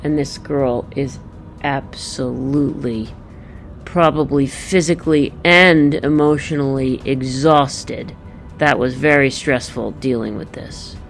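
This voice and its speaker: Slow low-voiced woman reading a picture book. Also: soft background music. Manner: gentle, explaining pictures to children, thinks aloud. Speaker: storyteller walking through a picture book. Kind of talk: picture book read-aloud.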